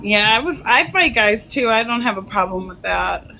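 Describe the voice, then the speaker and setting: A woman hosting a casual live stream chat, unhurried and laughing as she tells stories. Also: medium pitch, expressive, vocal fry, pushed and bright, slight background noise, poor audio.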